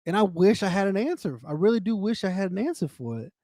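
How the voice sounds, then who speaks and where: A man's voice: high-pitched, lively intonation, fast, darkish tone, dry recording, clean studio sound. A man talking candidly on his own livestream, swearing freely, repeating himself and speaking to viewers by name. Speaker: livestream host. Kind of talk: casual emotional chat.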